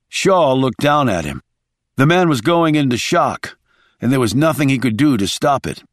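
Man narrating a thriller with lively pitch. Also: normal speed, no room sound, studio quality. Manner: lively, dramatic storytelling voice. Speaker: audiobook narrator.

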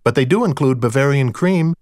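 A man's voice: mid-range voice, animated, a little fast, darkish tone, dry recording, clean studio sound, natural voice. A man doing a joking mock-grand coworker. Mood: playful. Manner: playful mock-formal banter. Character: jokey male lab colleague, mock-grand. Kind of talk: audiobook character voice.

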